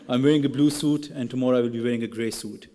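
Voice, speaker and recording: A young adult student talks fast at a graduation ceremony, using a podium microphone in a large hall with a reverberant sound. His warm, medium-pitched voice keeps fairly even intonation as he goes from earnest to playfully ribbing his classmates.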